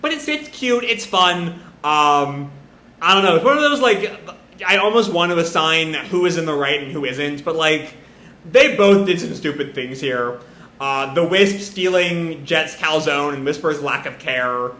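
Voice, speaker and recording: A man rambles through a casual live reaction to a comic, with plenty of fillers. His voice sits a little high and sounds bright. The recording has a roomy echo. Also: animated, unhurried. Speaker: comic reviewer.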